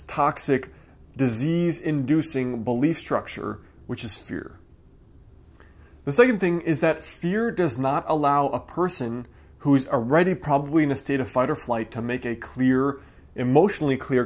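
A man's voice: mid-range voice, darkish tone. A man, the acupuncturist who hosts the channel, giving an earnest and emphatic talk straight to camera. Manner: earnest, emphatic, acts out quoted voices.

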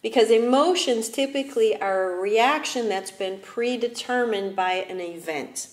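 High-voiced woman in an echoey room. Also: moderate pace. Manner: animated, laughs often, acts out quotes. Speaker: spiritual advisor guest. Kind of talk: casual chat.

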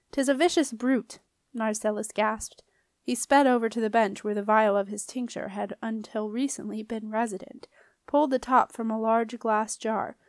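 A woman reading a children's fantasy novel aloud, with steady, expressive storytelling. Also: a little high, no room sound, studio quality. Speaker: audiobook reader. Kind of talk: audiobook narration.

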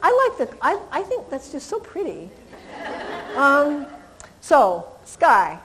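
A middle-aged woman lectures on dog behavior in a chatty, laughing way, slipping into quick voices for dogs and owners. Her voice sits a little high for a woman. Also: wildly swooping pitch, fairly bright tone, a little hiss or hum, low-quality recording.

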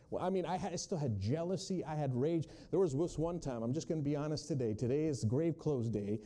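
A man preaching a sermon, sharing his testimony and shifting between hushed storytelling and loud, emphatic quotes. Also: a little high, brisk, hardly any pauses.

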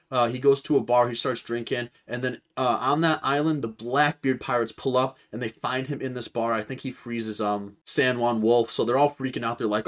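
A man's voice: medium pitch, fairly bright tone. A man giving casual, speculative commentary in a rambling way. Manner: rambling, speculative, with fillers and restarts. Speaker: anime commentator.

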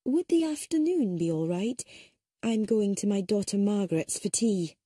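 A woman's voice: medium pitch, lively intonation, moderate pace, dark tone, husky, dry recording, clean studio sound, pitched above the performer's own voice. A woman voicing a forthright older woman who speaks bluntly and emphatically, with some impatience. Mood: indignant.

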